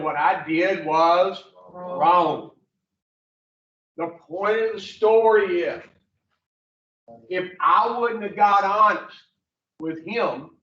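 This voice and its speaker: A man's voice: high voice, bright, forceful tone. A man teaching a recovery class, telling a story in a blunt, profane, plainspoken way. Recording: roomy, distant, dull classroom audio.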